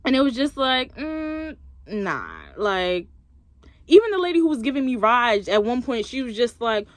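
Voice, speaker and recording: Speaking at a moderate pace in a slightly high, expressive voice, a young woman tells a story casually to camera on a dry recording. As she vlogs, she performs the lines others said.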